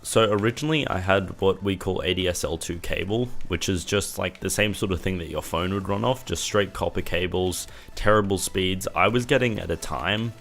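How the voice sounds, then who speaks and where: A man's voice: low voice, a bit bright. A young man vlogging, ranting in an exasperated, casual way and swearing now and then. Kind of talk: casual rant to camera.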